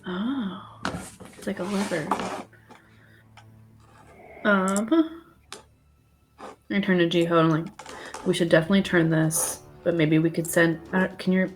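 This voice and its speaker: A woman's voice: lowish voice, fairly even intonation, measured pace, pauses often, a little hiss or hum. A woman playing a tabletop game, chatty and a little hesitant, joking with the group. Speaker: player.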